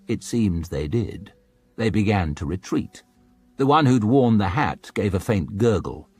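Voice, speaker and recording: A man narrating an audiobook in a dramatic, expressive storytelling manner. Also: fairly low pitch, a little slow, breathy edge, no echo.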